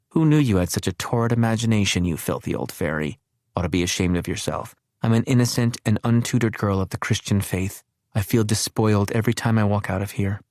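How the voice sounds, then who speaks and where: A man reading as a brisk, teasing young caregiver. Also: sits low, a little mellow, no echo, studio quality, lightly acted. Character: plainspoken young woman caregiver, teasing and kind.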